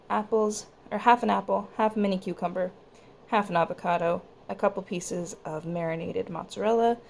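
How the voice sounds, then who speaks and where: A young woman talks through her errands and plans in a loose, chatty way, wandering into little asides. Her voice has a gravelly fry at its edges, and the phone recording carries a steady noisy background. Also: fairly low pitch. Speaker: vlogger. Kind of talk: casual vlog narration.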